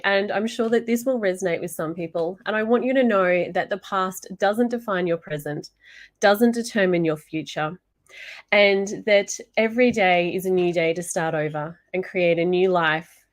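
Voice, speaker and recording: A woman's voice: mid-range voice, normal speed, no room sound, studio quality. A woman from Brisbane with an Australian accent, giving an earnest, reflective prepared talk as a guest speaker over a video call.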